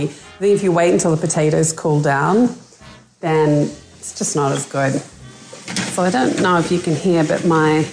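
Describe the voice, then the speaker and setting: A woman with an Australian accent, chatting casually while cooking in a home kitchen. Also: fairly low pitch. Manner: relaxed, chatty, with fillers. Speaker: cookbook author and home cook.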